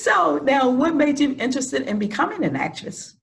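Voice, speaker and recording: A woman's voice: high voice, sing-song, moderate pace, creaky, rough recording. A woman hosting an interview, introducing her guest and affirming her with frequent okays. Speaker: interview host.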